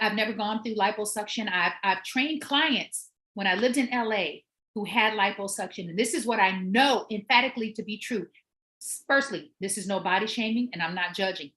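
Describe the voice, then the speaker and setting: A middle-aged woman hosting her own show, telling a story as a personal trainer, animated and emphatic and repeating words for effect. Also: medium pitch. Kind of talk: storytelling monologue.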